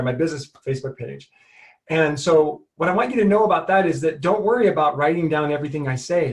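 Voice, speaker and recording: Hyped-up guy running a webinar, kinda high voice, sounds far from the mic. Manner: upbeat, hyped, chatty, greets viewers one by one. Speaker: webinar host and trainer. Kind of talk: live webinar coaching. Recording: roomy and distant from the mic.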